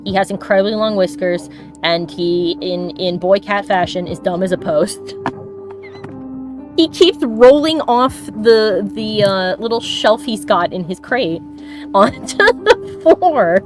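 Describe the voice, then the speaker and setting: A woman's voice: mid-range voice, lively intonation, slow, over music. Chatty woman streaming while drawing. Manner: chatty and affectionate, laughs often. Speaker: streamer and artist. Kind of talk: casual chat while drawing.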